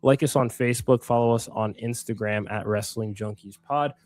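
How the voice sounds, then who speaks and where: A man's voice: mid-range voice, normal speed, a little mellow, no echo. A man co-hosting a wrestling podcast, chatting casually and energetically with lots of fillers and the odd swear word. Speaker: podcast co-host.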